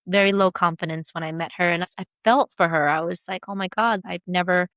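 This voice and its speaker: A woman guest, a brow tattoo business founder, telling her personal story in an interview in emphatic, animated bursts. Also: on the low side, a little fast, dry recording, clean studio sound.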